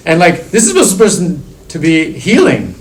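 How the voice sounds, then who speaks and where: A man's voice: a little high, wildly swooping pitch, takes it slowly, low-quality recording. Discursive male lecturer in a seminar. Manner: discursive, many restarts and "like" fillers. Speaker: university lecturer. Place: classroom.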